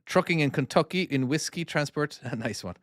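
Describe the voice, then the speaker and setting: A man's voice: on the high side, a bit bright, no room sound. Chatty man streaming his game. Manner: chatty, easily distracted, reads comments aloud. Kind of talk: casual live-stream chat while playing.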